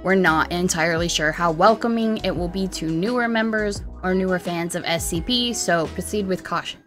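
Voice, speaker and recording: A woman's voice: on the low side, moderate pace, a bit bright, faint music behind. A woman co-hosting a casual gaming chat on a headset mic, reading game text aloud and laughing often. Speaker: co-host gamer.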